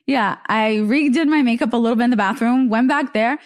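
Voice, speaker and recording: Chatty young woman, higher voice. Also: a little fast. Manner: chatty storytelling, many "like" fillers. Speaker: podcast host. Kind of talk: casual chat.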